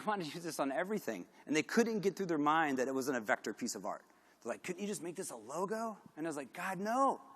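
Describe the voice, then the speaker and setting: A middle-aged man giving a candid conference talk, animated and self-deprecating, with lots of fillers. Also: medium pitch. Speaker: conference speaker. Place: large conference hall. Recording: long hall reverb.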